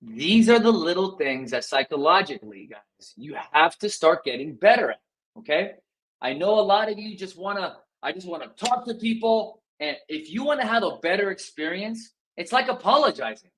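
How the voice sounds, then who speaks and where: An energetic man with a fairly high voice runs a live coaching session. He talks straight to his viewers, keeps checking in with them, and acts out sample phone lines to show how tone changes them. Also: normal speed, poor audio. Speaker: sales coach. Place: indoor livestream.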